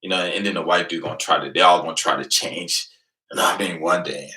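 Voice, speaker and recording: Deep-voiced guy from venice ca, bright forceful tone, brash story, mumbles then yells. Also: a little fast, rough recording. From Venice, California. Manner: animated, swings between low mutters and loud outbursts; profane and boastful. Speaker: livestream host. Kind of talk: casual storytelling.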